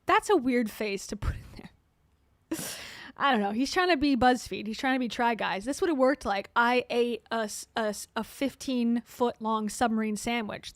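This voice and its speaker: A woman hosts a commentary channel with casual reaction commentary, sarcastic and chatty, often laughing as she talks. Her voice is fairly high in pitch, with no echo.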